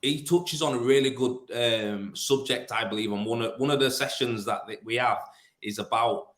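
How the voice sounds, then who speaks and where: A man with a broad Yorkshire accent, talking bluntly and casually in an interview. He tells his stories with plenty of fillers and restarts. His voice sits at a middling pitch and carries a roomy echo. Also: normal speed, fairly bright tone. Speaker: plasterer and business owner.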